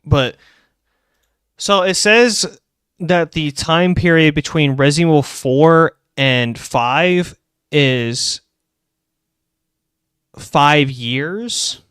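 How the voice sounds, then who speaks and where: Excitable young streamer man, bright voice. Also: on the high side, clean tone, no echo, clean studio sound. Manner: excitable, rambling, quick bursts of laughter. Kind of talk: casual live-stream chat about game lore.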